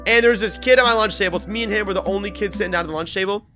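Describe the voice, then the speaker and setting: A man chatting casually with his viewers during a live game stream, telling stories with sudden excited bursts. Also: high voice, rapid-fire, over music. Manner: excitable storyteller, talks to chat, loud bursts. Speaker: livestreamer. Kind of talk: casual live-stream chat while gaming.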